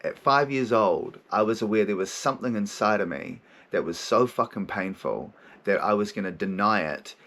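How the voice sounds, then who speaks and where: A man's voice: fairly low pitch, expressive, moderate pace, few pauses, a bit bright. A man who hosts a podcast and works as a therapist, speaking frankly in a casual monologue, swearing freely, laughing often and acting out his own inner voices.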